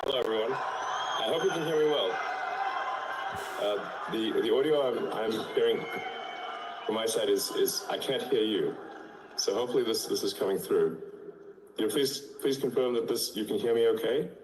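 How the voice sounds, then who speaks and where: A man speaking haltingly over a video link, with many fillers and restarts. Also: lowish voice. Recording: echoey clip with background noise.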